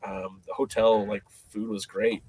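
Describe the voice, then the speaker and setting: A man as a podcast guest, telling a story in a casual, animated way, with many fillers and restarts. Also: lowish voice, measured pace, breathy edge.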